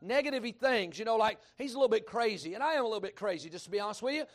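High-voiced Kentucky pastor preaching. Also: male voice, very fast. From Kentucky, USA. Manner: folksy, animated storytelling, bursts of shouting. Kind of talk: sermon.

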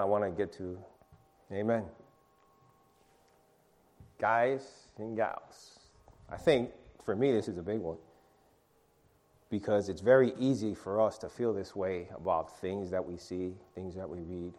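A man's voice: fairly low pitch, darkish tone. A middle-aged man leading an informal sermon and Bible study, calling on listeners to read verses aloud and talking with many restarts.

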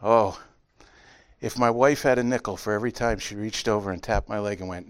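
A middle-aged man preaching a sermon as pastor, telling stories with lively impressions. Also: lowish voice, brisk, clean tone. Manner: animated storytelling with honking impressions.

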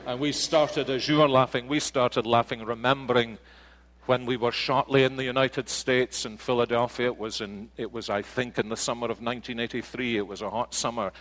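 A man's voice: medium pitch, fairly even intonation, fairly quick, fairly bright tone, poor audio. A man preaching a sermon, earnest, with rhetorical questions and homely anecdotes. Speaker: pastor.

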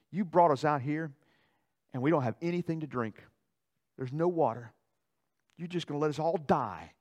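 A male pastor preaching a sermon in a church, animated, swinging between loud dramatic outbursts and quiet asides. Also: mid-range voice. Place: church sanctuary.

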